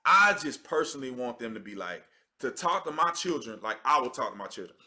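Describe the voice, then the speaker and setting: A man's voice: medium pitch, big pitch swings, brisk, bright, forceful tone. A man, talking in an emphatic, conversational way as he hosts a casual livestream. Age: 30s. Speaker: livestream host.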